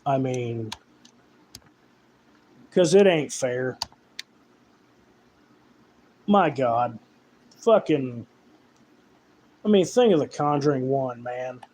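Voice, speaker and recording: A man's voice: mid-range voice, lively intonation, takes it slowly, pauses often, darkish tone, slight background noise, low-quality recording. A man giving a casual, profane, rambling rant as a horror writer reviewing a film.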